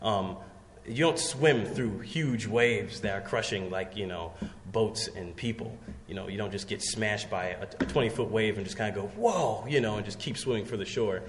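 A man preaching a sermon, telling the story in a lively way and acting out voices. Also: on the low side, moderate pace, a little hiss or hum. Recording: long reverb from a large hall.

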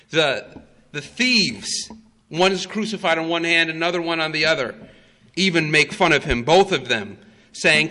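A man preaching a sermon, his voice bright and forceful and set a little high. He tells the story with slow emphasis and frequent "uh" fillers. Long reverb from a large hall trails behind his words. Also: animated.

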